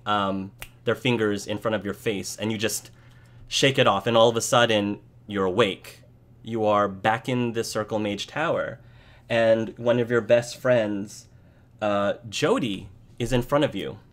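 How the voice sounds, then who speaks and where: A man's voice: lowish voice, a bit bright. Hesitant male game master. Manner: hesitant, with many restarts and fillers. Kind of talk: narrating a tabletop game online.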